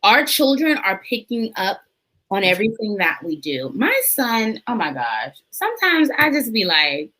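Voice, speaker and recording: A woman in her thirties hosting a podcast conversation, animated and laughing often. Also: on the high side, normal speed, poor audio. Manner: animated, acts out child voices, laughs often. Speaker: podcast host and therapist. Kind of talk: casual conversational interview.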